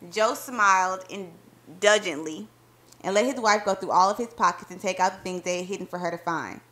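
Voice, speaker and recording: A woman's voice: mid-range voice, moderate pace, a bit bright. Woman reading a story aloud.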